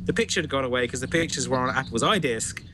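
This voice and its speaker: A man's voice: mid-range voice, lively intonation, fast, background noise. A man from the UK, a guest on a casual tech panel, explaining things with frequent restarts. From United Kingdom.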